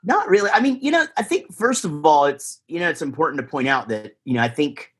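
This man's voice sits on the high side, with big pitch swings, a brisk pace, a bit of brightness, and a breathy edge. He's a Texas musician guesting on a podcast, talking casually in a rambling, easygoing manner with lots of fillers and restarts.

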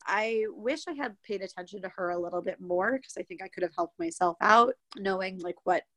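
A woman's voice: mid-range voice, brisk, no room sound. A young woman telling a personal story in a casual, chatty way, acting out what people said along the way. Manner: chatty, animated retelling with many quoted asides. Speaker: guest telling her birth story.

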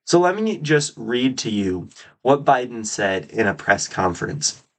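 A man hosting his own podcast, giving solo political commentary with emphatic, drawn-out stresses on key words. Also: medium pitch, sing-song. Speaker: podcast host.

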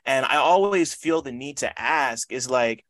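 A man's voice: mid-range voice, a little slow, fairly bright tone, no echo. A man interviewing a guest in a casual chat, rambling through his questions with many filler words.

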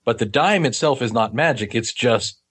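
A man co-hosting a podcast, speaking in an ordinary mid-range voice. He talks thoughtfully about comics, pausing with fillers as he works out what to say. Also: mid-range voice, a bit bright, breathy edge. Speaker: podcast co-host. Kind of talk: casual podcast chat.

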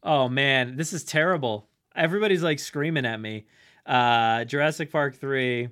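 A man's voice: mid-range voice, normal speed, fairly bright tone, clear, resonant tone. A man hosting a podcast, chatting casually and laughing often while he talks. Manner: chatty, laughing, restarts a lot. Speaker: podcast host. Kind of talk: casual chat.

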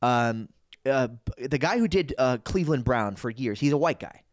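A man's voice: mid-range voice, lively intonation, moderate pace, no echo. A man guesting on a podcast as a comedian and impressionist, talking in an earnest, opinionated way that wanders off on tangents. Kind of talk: casual podcast chat.

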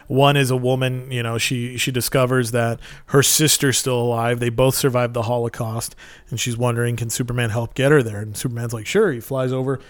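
A man's voice: medium pitch, clean tone, no echo. A man telling stories in casual chat, rambling and enthusiastic with plenty of fillers.

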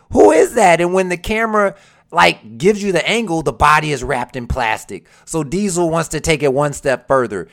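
Excitable, gravelly wrestling commentator. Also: medium pitch. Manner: excitable, acts out scenes in quoted voices; laughs while telling. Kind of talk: casual countdown commentary.

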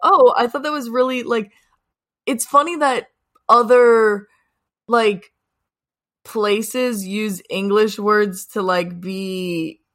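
A woman's voice: mid-range voice, fairly even intonation, takes it slowly, long pauses, fairly bright tone. A woman, co-hosting a casual TV recap podcast, giggly and profane, leaning heavily on "like". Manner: casual and giggly, heavy on "like", swears freely. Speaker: podcast co-host.

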